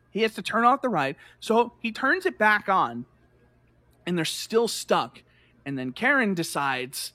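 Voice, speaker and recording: A man telling a lively story in casual chat, full of "like" and acted-out voices. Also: sits high, normal speed, no room sound. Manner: animated, fillers of "like", acts out voices.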